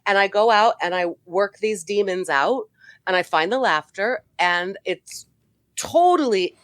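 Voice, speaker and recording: A middle-aged woman, a stand-up comedian, telling animated stories as a podcast guest, swearing freely and laughing often. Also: mid-range voice, unhurried, no room sound. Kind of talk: casual podcast chat.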